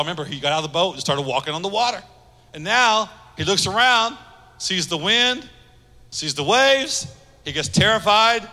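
A man preaching a sermon with passion, building from quiet asides to shouted calls. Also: high voice. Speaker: pastor. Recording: long hall reverb.

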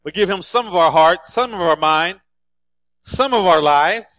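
High-voiced emphatic male preacher. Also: expressive, normal speed, a bit bright, no room sound. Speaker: pastor. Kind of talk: sermon.

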